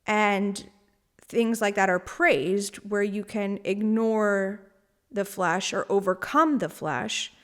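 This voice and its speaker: A woman hosts a solo spiritual podcast, talking candidly and ramblingly with frequent laughs and casual swearing. Her voice is mid-range and slow.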